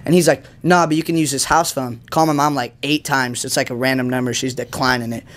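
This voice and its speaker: A man's voice: mid-range voice, fairly even intonation, fairly quick, a bit bright. A young man on a podcast telling a rambling story in casual slang, packed with fillers and acted-out quotes. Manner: dramatic retelling with acted quotes. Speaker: podcast guest.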